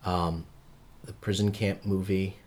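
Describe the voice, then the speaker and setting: A man with a low, deep voice talks through movies in a loose, rambling way. He sounds like a podcast co-host who makes offhand jokes as he goes. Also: little pitch movement, slow pace, a little mellow. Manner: rambling, jokey film chatter. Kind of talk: casual chat.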